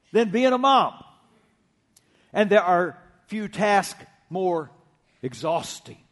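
A middle-aged pastor delivers a sermon in a higher-than-usual male voice. He talks in an easy, conversational way and slips humor into his stories. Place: church sanctuary.

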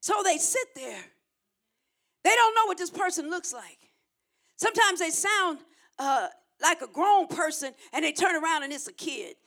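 Woman preacher, sermon; gravelly, emphatic, repeats lines for the crowd to echo. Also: extremely high pitch, expressive, normal speed, a bit bright. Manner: emphatic, repetitive call-and-response preaching.

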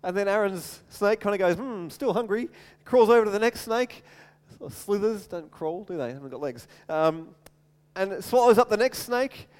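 High-voiced male preacher in echoing hall. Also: moderate pace, clean tone. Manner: animated storytelling, acts out voices, repeats words. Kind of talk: sermon. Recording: long hall reverb.

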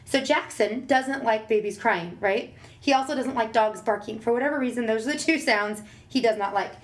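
A woman's voice: a little high, moderate pace. A woman, a parent, talking casually and animatedly about raising her child and acting out voices when she quotes. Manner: animated, acts out exaggerated voices when quoting. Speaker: parent sharing advice. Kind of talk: casual advice chat.

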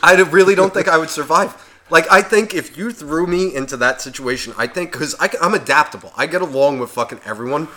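A man's voice: a little high, brisk, sharp tone. A man co-hosting a podcast in casual chat, ranting and swearing constantly as he works himself up. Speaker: podcast co-host.

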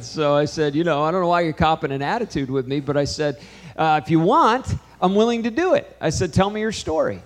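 A man's voice: fairly high pitch, expressive, brisk, few pauses, long reverb tail. A man preaching a sermon, telling a story and acting out a conversation with changing emphasis. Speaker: pastor.

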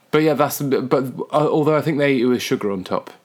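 A man's voice: medium pitch, fairly quick. Joking man on a podcast. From Britain. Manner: jokey, defensive, laughs often. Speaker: podcast co-host. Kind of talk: casual chat.

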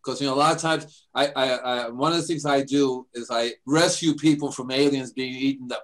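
A man's voice: medium pitch, a little fast, hardly any pauses, fairly bright tone, rough recording. An older man hosting a radio show, chatting casually and rambling through stories. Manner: rambling storyteller, acts out voices in his anecdotes. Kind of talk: casual chat.

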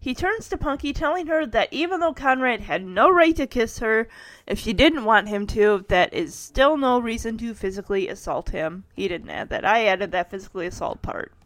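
Woman, thirties, casual recap host, animated and wry, chuckles through asides. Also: on the high side, moderate pace, no echo. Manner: wry personal asides, chuckling while narrating. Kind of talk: casual episode recap narration.

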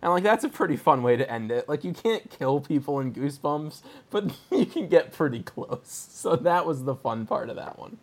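A man hosting a chatty review podcast, his voice sitting a touch high and swinging widely in pitch. He rambles along loosely, laughing as he goes. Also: moderate pace. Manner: rambling, laughs often, animated retelling. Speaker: podcast host. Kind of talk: casual review chat.

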